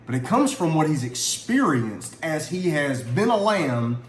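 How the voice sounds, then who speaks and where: Middle-aged man, slightly high voice, earnest family Bible teacher, echoey room with faint ambience. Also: sing-song, a little slow, a little hiss or hum. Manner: earnest and conversational, asks questions. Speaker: father teaching a Bible lesson.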